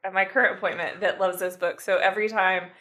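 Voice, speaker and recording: Bright-voiced woman, teasing and quick. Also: mid-range voice, steady tone. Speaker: senior pastor, podcast guest. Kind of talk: casual podcast conversation.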